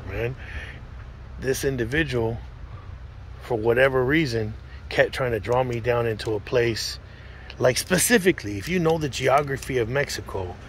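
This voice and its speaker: A man talks bluntly and profanely in a casual outdoor monologue, stumbling over restarts and acting out quoted asides. His voice sits at an ordinary middle pitch. Faint street and traffic noise runs behind him. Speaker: vlogger telling his own story.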